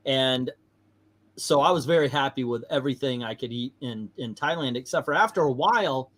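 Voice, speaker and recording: A man's voice: a little high, a bit bright. A man hosting a casual livestream, telling rambling stories and laughing often. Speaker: livestream host.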